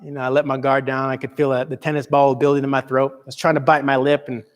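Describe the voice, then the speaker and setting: A young man, a motivational speaker, telling a personal story with earnest, dramatic swings between loud and soft. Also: mid-range voice, flat delivery, quick pace, big-room sound. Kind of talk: storytelling talk to an audience.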